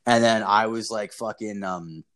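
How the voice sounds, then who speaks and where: A man in his thirties with a lowish voice, chatting on his podcast in a loose, rambling way. He swears in nearly every sentence and tells stories about his own life. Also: a little slow, a bit bright. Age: 30s. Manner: profane, rambling storyteller, swears constantly. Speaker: podcast host. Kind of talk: casual podcast chat.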